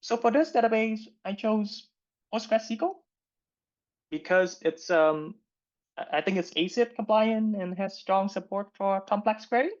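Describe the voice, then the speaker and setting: A man acting out a hesitant job candidate who ends each sentence on a rising high note, as if asking a question. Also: drawn-out words, few pauses. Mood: uncertain, questioning. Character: hesitant job candidate, adult male, unsure. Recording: muffled lo-fi recording.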